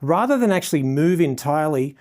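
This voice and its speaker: An Australian man leads a photography lesson while shooting, his voice sitting slightly high with a soft, mellow tone. He heaps praise on his model between shots. He breaks down settings and choices step by step for the viewers. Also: animated, brisk. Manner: effusive, showering the model with praise. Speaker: photographer teaching a lighting lesson. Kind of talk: live instruction while shooting a portrait session.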